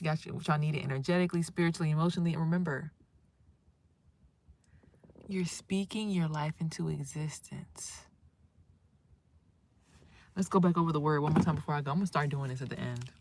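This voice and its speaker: A woman with a fairly low voice hosts a casual livestream. She gives spiritual advice in a loud, emphatic and preachy way, swearing freely. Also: a little fast, creaky, pauses often. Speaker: livestream host.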